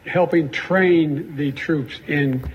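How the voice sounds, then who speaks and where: An older man answering reporters, defensive and halting. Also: fairly high pitch, muffled recording, noisy background. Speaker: politician at a press event.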